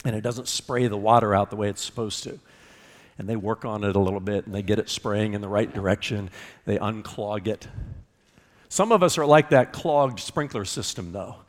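A man preaching a sermon, swinging between loud, rising questions and hushed, low passages, and reading scripture aloud in an even storytelling tone. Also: moderate pace, long reverb tail. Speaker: pastor.

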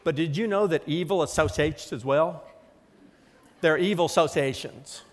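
Middle-aged man, pastor, sermon, emphatic, slightly high voice, long church reverb. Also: normal speed. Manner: emphatic, acts out quotes.

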